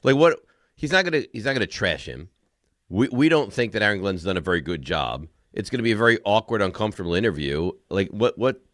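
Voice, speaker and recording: A man hosting a sports radio show, emphatic and quick to cut in on callers. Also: lowish voice, lively intonation, a bit bright, no echo, studio quality. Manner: emphatic, talks over callers. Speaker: radio host.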